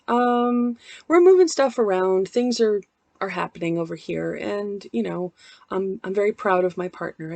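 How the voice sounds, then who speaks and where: A woman's voice: mid-range voice, creaky, a little mellow, no room sound. A woman in her forties vlogging from home into a laptop mic, chatting in a meandering, candid, self-deprecating way. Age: 40s. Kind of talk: casual vlog chat.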